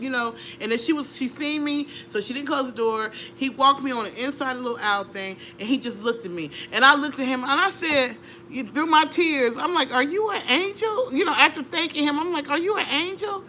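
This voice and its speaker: A middle-aged woman, an interview guest, telling a personal story with animated energy, laughing and acting out voices. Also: high-pitched, a little fast, a little hiss or hum. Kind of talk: conversational storytelling.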